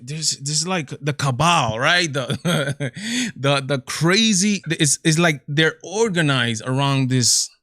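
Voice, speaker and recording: A man's voice: medium pitch, a bit bright, dry recording, studio quality. A man hosting a reaction commentary video, talking in incredulous bursts with repeated exclamations. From Latin America.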